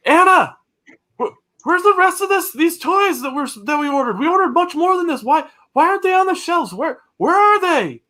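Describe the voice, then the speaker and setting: A man voicing an agitated male store clerk, in a high, strained voice. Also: fairly even intonation, moderate pace, hardly any pauses, a bit bright.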